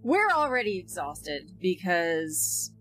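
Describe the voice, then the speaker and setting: A woman's voice: fairly low pitch, very animated, slow pace, a bit bright, faint music behind, poor audio. A woman co-hosting a podcast, playful and teasing in casual chat. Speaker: podcast co-host.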